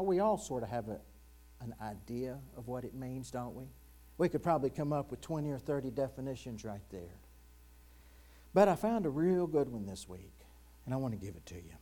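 Earnest male pastor preaching softly. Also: medium pitch. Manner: earnest, drops to a hushed near-whisper on quoted verses; addresses congregation directly with questions. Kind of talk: sermon. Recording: mains hum in the background.

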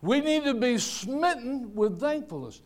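A man's voice: very high-pitched, animated. A man preaching a sermon, telling stories and drawing out his words for emphasis. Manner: preaching with slow, drawn-out emphasis and storytelling. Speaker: pastor.

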